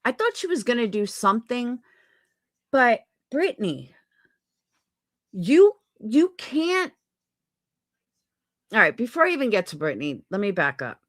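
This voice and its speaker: A woman's voice: fairly high pitch, sing-song, measured pace, long pauses, a bit bright, no echo. A woman streamer venting in an angry, profane rant on a livestream. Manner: heated, profane, repetitive venting. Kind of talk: angry ranting livestream commentary.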